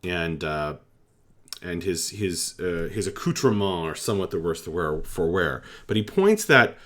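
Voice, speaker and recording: A man narrating a tabletop game as game master, slowly, with many pauses and fillers. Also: low voice, very animated, a bit bright.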